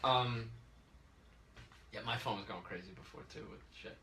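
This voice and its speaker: A man telling a story in casual podcast chat, animated and acting out the people in it. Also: on the low side, moderate pace, vocal fry, recorded from a distance, a little hiss or hum. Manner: animated, acts out quoted voices. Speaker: podcast host. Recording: echoey room, away from the mic.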